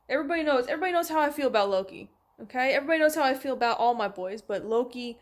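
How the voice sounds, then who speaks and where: A woman's voice: high voice, animated, very fast, few pauses. A young woman chatting casually to camera at home, talking to her cats between thoughts. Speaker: vlogger. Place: at home, indoors.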